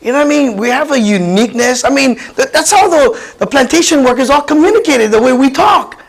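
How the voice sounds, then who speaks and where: Man, 50s, Hawaiian Pidgin-tinged accent, comedian, keynote speech, raspy fry in the voice. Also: extremely high pitch, brisk, rough recording. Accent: Hawaiian Pidgin-tinged English. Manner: animated, chatty, many restarts and laughs. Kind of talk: personal storytelling speech.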